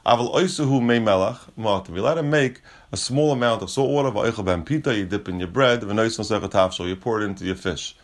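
A man's voice: on the low side, fast, few pauses. A man teaching a Talmud lesson, reading Aramaic lines and explaining them casually in English. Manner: casual, restates points, frequent restarts.

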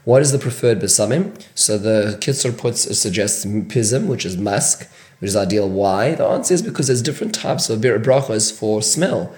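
A man's voice: on the low side, animated, moderate pace, a little mellow, roomy sound. A man teaching a question-and-answer lesson on Jewish law, often restarting his sentences as he goes. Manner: question-and-answer delivery with frequent restarts and fillers. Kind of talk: Q&A-style halachic lesson.

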